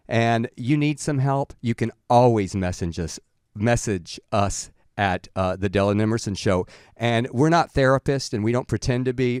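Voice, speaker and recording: A man's voice: fairly low pitch, smooth, dry recording, studio quality. A man co-hosting a talk show, speaking earnestly and reflectively with frequent restarts. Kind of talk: casual podcast chat.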